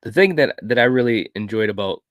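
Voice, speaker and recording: A man's voice: on the low side, lively intonation, a little fast, no echo. A man co-hosting a film review podcast, chatting casually and enthusiastically about a horror movie. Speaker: podcast co-host.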